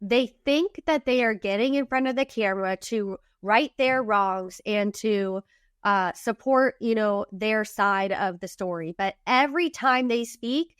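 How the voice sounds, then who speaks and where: Woman podcast co-host, emphatic and indignant, mid pitch, dry sound. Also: measured pace, smooth, no echo. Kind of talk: casual recap chat.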